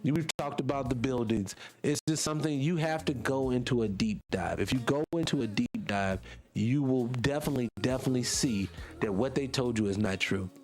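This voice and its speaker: A man's voice: mid-range voice, brisk, darkish tone. A man from North Carolina, hosting a casual livestream and answering viewer comments in a rambling, heated, emphatic way. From North Carolina, USA. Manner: rambling, heated and emphatic, loses his train of thought. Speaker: livestream host.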